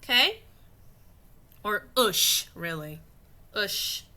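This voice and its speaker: A woman with a very bright, tense, high-leaning voice leads a phonics lesson for little kids. She talks slowly and patiently, drawing out each sound and praising often. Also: animated. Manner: slow, patient and encouraging, stretching out sounds. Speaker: teacher. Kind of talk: phonics lesson for young children.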